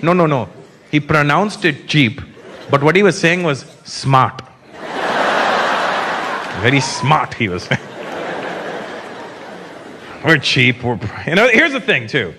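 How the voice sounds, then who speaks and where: A high, lively man performing stand-up on stage, his pitch swinging wide as he mocks and slips into impressions. He talks over a loud live crowd, with constant laughter and steady noise behind him. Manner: animated, mocking, quick to slip into impressions. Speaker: stand-up comedian. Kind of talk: stand-up comedy set. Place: theater stage before a live audience. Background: loud audience laughter.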